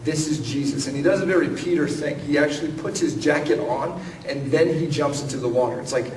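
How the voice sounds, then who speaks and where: A man giving a conversational, animated sermon as a guest speaker, acting out lines of dialogue. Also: on the high side, a little fast, slight background noise. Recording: echoey room from a distance.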